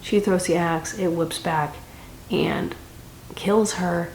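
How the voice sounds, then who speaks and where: A woman's voice: fairly low pitch, steady tone, slow, a little mellow. A young woman giving a casual, chatty book review with dramatic reactions and rambling asides. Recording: echoey room with faint noise.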